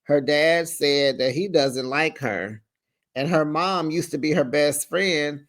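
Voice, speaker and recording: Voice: mid-range voice, takes it slowly. Recap host: sassy and chatty, gossipy retelling of reality TV episodes. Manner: sassy, chatty, with frequent "honey" asides; lively, retells scenes in quoted voices. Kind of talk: casual reality show recap commentary.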